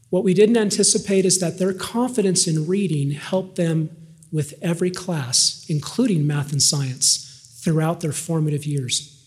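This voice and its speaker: An older man delivers a scripted devotional address from a lectern. His voice sits a touch higher than most men's. His delivery is measured and carries a gentle dry humor. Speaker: devotional speaker.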